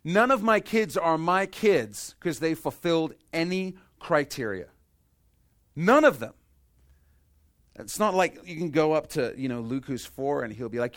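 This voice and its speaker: Male pastor, mid-pitched voice, sermon delivery that drops to a hush and then builds to emphatic bursts. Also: lively intonation, unhurried. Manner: impassioned, swings from hushed to emphatic; rhetorical questions and repetition.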